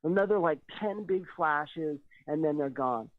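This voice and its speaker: A man tells his story over a tinny, dry phone line, his voice sitting a bit high for a man. He talks in an animated way, a little nervous, and he acts out the voices of the people in it. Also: unhurried, dry recording. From California. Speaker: radio show guest. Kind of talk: telling a personal story on a call-in radio show.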